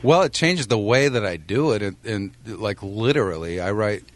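A man in his forties from the United States, a guest musician talking in a relaxed, thoughtful way with frequent ums and restarts in a radio interview. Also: on the low side, moderate pace.

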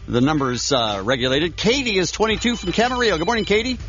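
A man's voice: sits high, very animated, quick pace, over music. A man hosting a morning radio show, teasing callers with wisecracks. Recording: slightly dull radio broadcast.

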